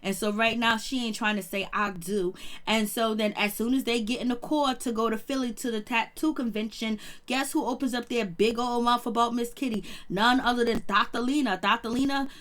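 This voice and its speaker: A woman's voice: a little high, steady tone, moderate pace, a bit bright. A woman giving a casual, chatty recap of a reality show episode, laughing often and acting out the cast's lines. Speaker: show reviewer.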